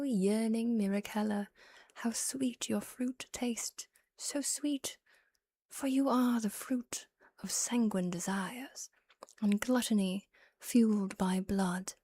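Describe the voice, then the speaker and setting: A woman's voice: mid-range voice, mellow, dry recording, studio quality. A woman voicing a dramatic gothic vampire who recites a poem in an old-timey theatrical manner, as a whispered role-play.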